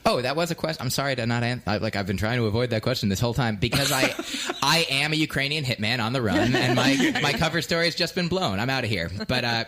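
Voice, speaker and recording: A man's voice: medium pitch, animated, fast, pushed and bright. A young man, a comedian, in casual podcast chat into a studio microphone, joking and rambling in a self-deprecating way. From United States. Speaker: comedian guest.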